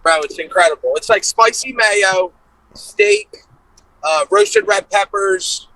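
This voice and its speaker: Animated high-voiced young man, dry sound. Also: slow, no echo, poor audio. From Pennsylvania. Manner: excited, slangy, animated. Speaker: guest fighter. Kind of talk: casual interview chat.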